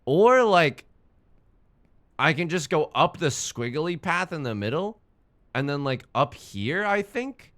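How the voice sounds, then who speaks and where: A young man talks through a game stream in a loose, rambling way. His voice is bright and forward, and his pitch bounces around a lot. He mocks himself and swears whenever the game trips him up. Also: big pitch swings, takes it slowly. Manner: rambling, self-mocking, swears when frustrated. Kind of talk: casual gaming stream chat.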